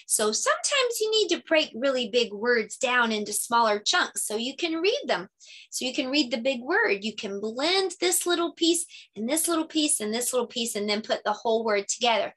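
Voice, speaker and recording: A woman teacher talking casually through her lesson ideas. She explains things chattily and sounds out words slowly when she demonstrates them. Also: a little high, fairly bright tone. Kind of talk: casual lesson-idea walkthrough.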